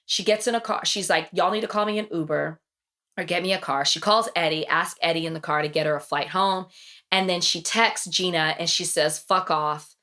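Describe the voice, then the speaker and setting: A woman hosts a podcast in a casual, chatty recap, telling stories with animated energy. She slips into quoted lines with sudden jumps in pitch. Her everyday voice sits a little low. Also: a little fast. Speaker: podcast host.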